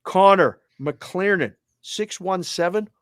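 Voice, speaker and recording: A man with a Boston accent hosting a sports talk show, running through listener names and places with energetic, casual shout-outs. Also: sits high, takes it slowly, no echo, studio quality. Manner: energetic, shout-outs with area codes and towns. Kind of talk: roll call of listeners, casual.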